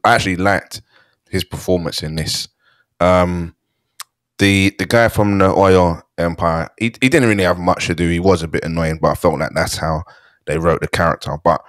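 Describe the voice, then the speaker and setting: A man co-hosting a casual movie-review podcast, speaking in a calm, measured way. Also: low-pitched, no echo, studio quality. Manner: calm, measured, mildly defensive. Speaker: podcast co-host.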